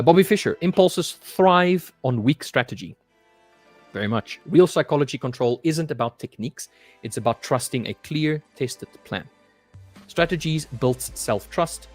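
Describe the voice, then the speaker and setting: A young man hosting a live trading stream, chatting casually and reading viewer comments aloud. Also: medium pitch. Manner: reads viewer comments aloud and chats loosely, saying "mate" often.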